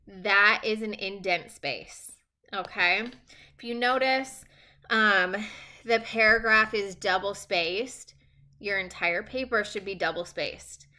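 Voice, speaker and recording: Bright-voiced woman teacher giving instructions. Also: medium pitch. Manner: casual, reassuring, checks in with frequent "okay?". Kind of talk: recorded remote class instructions. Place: at home.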